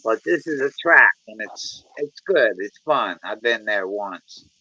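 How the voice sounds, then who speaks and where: Man from the US, bright voice, slow easygoing talk, lo-fi audio. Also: on the low side, expressive, husky, dry recording. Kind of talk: casual chat.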